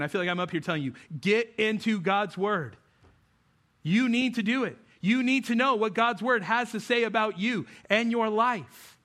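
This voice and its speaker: Give me a male pastor with a high voice delivering a conversational sermon. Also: a bit bright. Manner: conversational, asks the audience questions.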